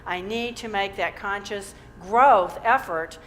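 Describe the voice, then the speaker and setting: A woman's voice: mid-range voice, takes it slowly, fairly bright tone, big-room sound, soft background music. A woman minister giving a sermon in a church, storytelling with easy humor and encouragement. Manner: encouraging, uplifting. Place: church sanctuary.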